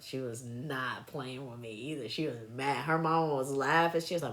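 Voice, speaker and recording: A woman with a low voice tells stories casually into her phone on a live stream. She is chatty and animated, and she keeps breaking into laughter. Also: moderate pace, few pauses. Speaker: livestreamer recalling clinic work.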